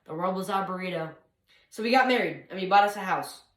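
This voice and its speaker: Young female speech competitor, animated comic storyteller, middle voice, roomy echo. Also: medium pitch, quick pace. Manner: animated, swings from loud to hushed. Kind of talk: comic monologue performance.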